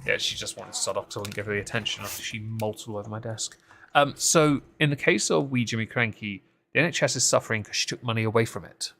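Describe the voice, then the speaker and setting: A man's voice: fairly low pitch, quick pace, creaky, a bit bright, slight background noise. A man co-hosting a casual live-stream political recap, talking into a desk microphone with sarcastic, mocking asides. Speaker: co-host of a political recap show.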